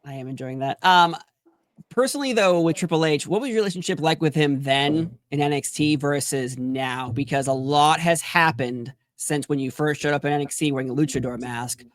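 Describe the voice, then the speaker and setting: A man's voice: on the high side, moderate pace, no room sound, studio quality. A man hosting an interview, asking long, enthusiastic questions full of fillers and restarts. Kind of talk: casual sit-down interview.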